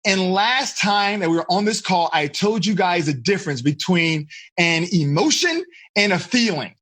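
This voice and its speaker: Man, teen life coach, animated, bright tone, a little husky, video call. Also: sits high, normal speed. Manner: animated, asks the group questions often.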